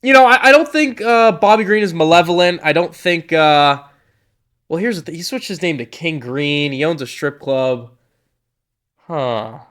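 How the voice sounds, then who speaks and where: A man's voice: fairly high pitch, normal speed, fairly bright tone. A young man giving casual, joking tier-list commentary, rambling and cutting himself off as he goes. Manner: rambling, jokey, self-interrupting.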